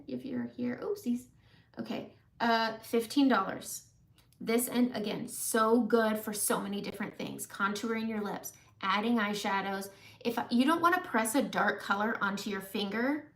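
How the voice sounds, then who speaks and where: A chatty woman runs a live makeup demo, talking viewers through each shade while she works. Her mid-pitched voice has a gravelly fry running under it. She breaks off now and then to greet people in the chat. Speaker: makeup livestream host.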